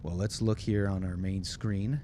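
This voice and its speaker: A man's voice: low-pitched, steady tone, unhurried, warm tone, slight background noise. A man hosting a livestream, reading viewer messages aloud and joking his way through a mock airline-pilot bit in casual, playful banter. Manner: playful, mock-announcer patter.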